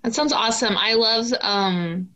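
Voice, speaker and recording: A woman educator introducing a book on a podcast in an upbeat, unhurried way. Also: fairly high pitch, bright, forceful tone. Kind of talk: casual book chat.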